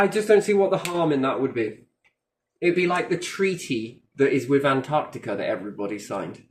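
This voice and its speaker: A man's voice: mid-range voice, very animated, a little fast, slight background noise. A man in casual chat, rambling and swearing, joking and acting out little dialogues. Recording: roomy echo.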